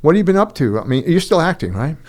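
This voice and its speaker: A middle-aged man hosting a casual conversation, an animated storyteller who acts out quoted voices. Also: fairly high pitch, quick pace. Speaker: host.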